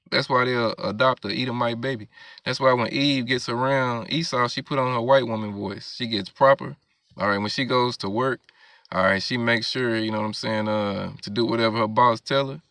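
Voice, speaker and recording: A man's voice: medium pitch, creaky, pushed and bright, no echo, clean studio sound. A man preaching, reading scripture verses aloud and explaining them, often checking in with "all right?". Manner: keeps asking "all right?" and "you know what I'm saying".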